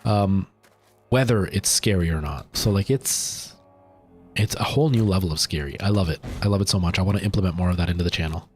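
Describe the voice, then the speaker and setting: A man's voice: sits low, brisk. A young man streaming a game live, chatting with his viewers and yelping in panic when attacked. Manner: chatty, jumps to loud panicked yelps in fights. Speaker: livestreaming gamer.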